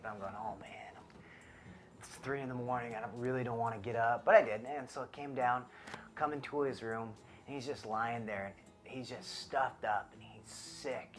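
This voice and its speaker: Earnest young dad preaching at home. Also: male voice, mid-range voice. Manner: earnest, conversational, grows impassioned. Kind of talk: devotional talk to camera. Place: child's bedroom at home.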